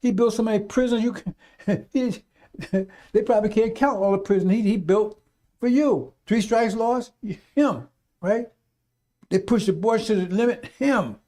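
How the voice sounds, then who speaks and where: Fiery, preachy man with high, dark voice. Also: normal speed. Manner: fiery, preachy, swears, mimics voices in asides. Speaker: radio talk host. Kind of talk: rambling radio monologue.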